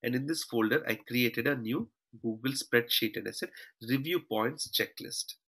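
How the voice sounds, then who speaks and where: A man's voice: mid-range voice, moderate pace, a bit bright, slightly rough, rough recording. A man teaching a live online class over a shared screen, calling his students "team" and tagging his points with "okay" and "all right". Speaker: online trainer.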